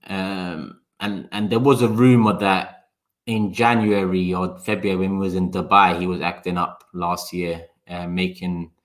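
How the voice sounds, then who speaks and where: A lowish-voiced man hosts a casual livestream, reacting to viewers' comments. His talk is sarcastic and loose, with swearing and bursts of quick words. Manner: sarcastic, talks fast in bursts; swears, chats to viewers by name. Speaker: livestream host. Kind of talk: casual live-stream chat.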